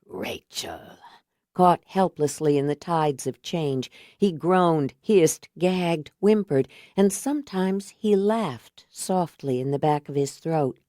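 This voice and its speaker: Low-voiced woman narrating horror. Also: slow pace, hardly any pauses, mellow, no echo, clean studio sound. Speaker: audiobook narrator.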